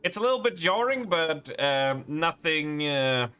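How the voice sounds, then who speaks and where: A man's voice: on the high side, very animated, a little slow, bright, forceful tone, clean tone. A man streaming a game live, chatting with his viewers and reading the game's letters and notes aloud.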